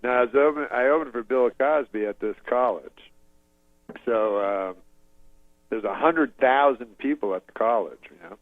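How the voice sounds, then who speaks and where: A man doing an impression of a comedian telling a rambling, deadpan story, full of fillers and restarts, on dull lo-fi audio. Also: mid-range voice, moderate pace, no room sound, lightly acted.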